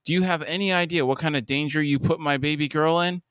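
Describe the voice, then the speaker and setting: A man's voice: on the high side, steady tone, fast talker, a bit bright, clean tone, no echo, pitched above the performer's own voice, lightly acted. A man voicing an angry, protective middle-aged father while reading the scene aloud. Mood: heated.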